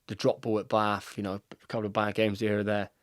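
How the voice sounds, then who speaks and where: A man, an excitable guest who keeps saying "mate" and trails off mid-sentence. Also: fairly low pitch, brisk, no echo, studio quality. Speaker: podcast guest, rugby player. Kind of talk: casual chat, reacting to match footage.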